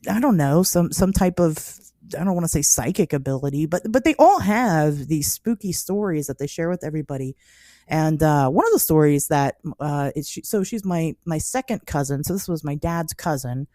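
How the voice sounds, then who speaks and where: A woman in her thirties hosting a podcast, telling stories in a casual, animated way with frequent laughs and many "like" fillers. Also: sits low, normal speed, no echo, clean studio sound. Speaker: podcast host. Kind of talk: casual storytelling chat.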